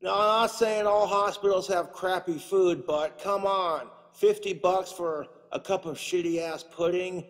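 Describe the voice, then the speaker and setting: A man's voice: high-pitched, unhurried, few pauses, big-room sound. A man doing a crude, profane stand-up comedy routine, ranting and putting on little voices.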